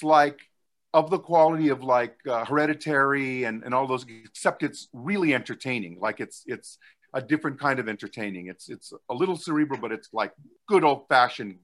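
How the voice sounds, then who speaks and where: A man's voice: mid-range voice, a bit bright. A man hosting a casual chat, talking eagerly and profanely with many fillers. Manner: enthusiastic, profane, rambling with fillers. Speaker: podcast host.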